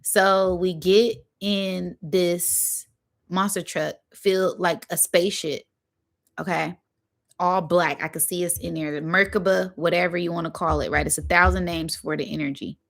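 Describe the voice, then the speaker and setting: An animated woman vlogger tells a story in loose, slangy, casual speech. She throws in little spoken sound effects as she goes. Her voice sits a bit low for a woman. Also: normal speed, creaky.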